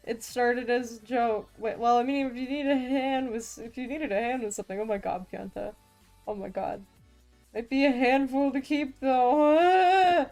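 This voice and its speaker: A woman's voice: fairly high pitch, moderate pace, darkish tone, faint music behind. A woman streaming as a vtuber, chatting casually with viewers while drawing, playful and self-mocking with frequent laughs and restarts.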